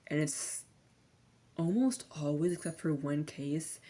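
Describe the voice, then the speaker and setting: Young woman, low voice, mellow tone, sardonic slangy ASMR rant, soft spoken with whispers. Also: expressive, takes it slowly. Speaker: vlogger.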